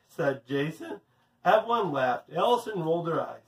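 A male physical education teacher reading a children's story aloud with lively, animated delivery and a fairly high voice. He sounds distant from the mic in an echoey room. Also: normal speed.

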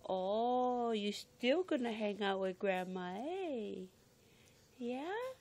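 A woman's voice: a little high, lively intonation, drawn-out words, a little mellow, slight background noise. An older woman, a grandmother, using coaxing sing-song baby talk and asking endless little questions in a home video.

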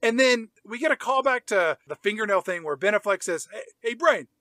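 A man's voice: high-pitched, lively intonation, fairly quick, bright, forceful tone, dry recording. A man co-hosting a podcast, animatedly retelling a film scene by scene and acting out quoted lines in casual chat. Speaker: podcast co-host recapping a film.

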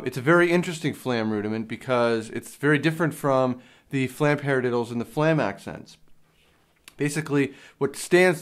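A young man teaching a drum lesson, explaining each step plainly, with some fillers along the way. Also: mid-range voice. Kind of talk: instructional lesson. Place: drum studio. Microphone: handheld field recorder.

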